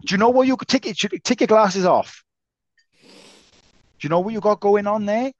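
A man's voice: high-pitched, normal speed, no echo. A man co-hosting a podcast, talking casually and teasing his co-host, with the odd swear word. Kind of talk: casual chat. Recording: slightly dull lo-fi sound.

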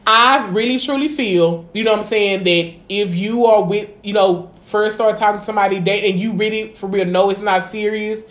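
A woman's voice: mid-range voice, fairly even intonation, normal speed, hardly any pauses. A woman chatting casually as a podcast co-host, peppering everything with "you know what I'm saying" and swearing freely. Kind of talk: casual chat. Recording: echoey room.

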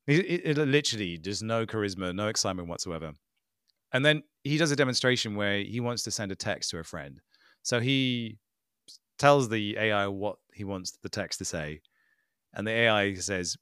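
A man co-hosting a casual tech podcast, talking in an animated, sarcastic way and mimicking people he mocks. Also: fairly low pitch, brisk, clear, resonant tone, no echo, studio quality. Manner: animated, mocking impressions, sarcastic. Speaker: podcast co-host.

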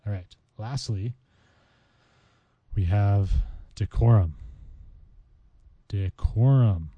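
A man's voice: on the low side, normal speed, no echo, highs cut off. A man hosting a casual vocabulary podcast, chatting playfully as he walks through word mnemonics. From United States. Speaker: podcast host teaching vocabulary.

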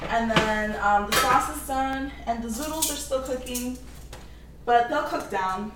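A woman's voice: on the high side, a little slow, very noisy. A woman chatting casually while she cooks in her home kitchen, laughing often and reading out viewers' comments. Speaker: home cook live-streaming. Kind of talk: casual cooking stream chat. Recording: echoey kitchen with faint clatter.

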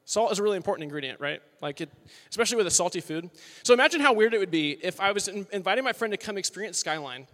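High, bright young male preacher. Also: lively intonation, racing. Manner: chatty and upbeat, full of "like" and "you know". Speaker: worship leader preaching. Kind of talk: casual, joking sermon to college students. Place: large worship hall with live audience. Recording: long hall reverb.

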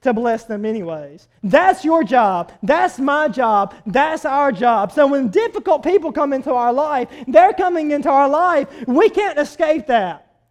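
A man, a pastor telling a story in his sermon, animated and swinging between loud outbursts and quiet asides. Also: very high voice.

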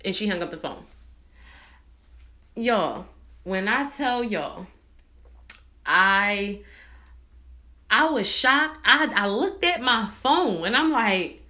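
A woman's voice: a little high, slow pace. A young woman casually telling a story to viewers, acting out both sides of a phone argument, swearing freely and calling her listeners y'all. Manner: animated retelling, acts out both sides of a phone call.

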